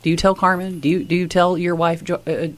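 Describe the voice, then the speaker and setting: A man's voice: high-pitched, flat delivery, brisk, fairly bright tone, slight background noise. A man co-hosting a radio show from home, chatting casually, poking fun at himself and restarting his sentences. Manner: self-mocking, stumbling restarts. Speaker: radio co-host. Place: at home, calling in.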